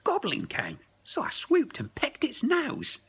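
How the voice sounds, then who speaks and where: Guy doing a squawky seagull voice, way up high and strained, storybook bird. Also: huge pitch swings, measured pace, a bit bright, in a whisper, full character voice. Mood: proud. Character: giant squawking seagull, bold and chirpy.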